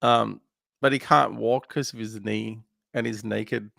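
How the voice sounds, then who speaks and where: A man with a very gravelly, creaky voice recaps a film plot casually. He wanders through the story with lots of ums. The sound is close and dry, with no room behind it. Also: on the low side, steady tone, unhurried, fairly bright tone, no room sound. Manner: meandering, filler-heavy retelling. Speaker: film podcast co-host.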